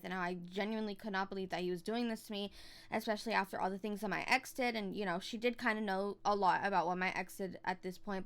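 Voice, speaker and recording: A woman's voice: mid-range voice, fairly bright tone, smooth. Emphatic woman telling a storytime. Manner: emphatic, swears heavily, quick shifts into quoting others. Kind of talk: casual storytime vlog.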